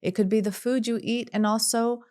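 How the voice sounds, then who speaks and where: A woman clinical psychologist speaking as a podcast guest, calm and measured, running through long lists of examples. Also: a little high. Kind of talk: podcast interview.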